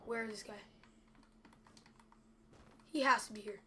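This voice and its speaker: A young woman with a bright, clear voice that sits a little high talks through her own gameplay as it happens. She is chatty and jittery, often talking straight to her viewers. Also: steady tone, unhurried, a little hiss or hum. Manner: anxious, chatty, addresses viewers as guys. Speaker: gameplay video creator. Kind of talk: live gameplay commentary.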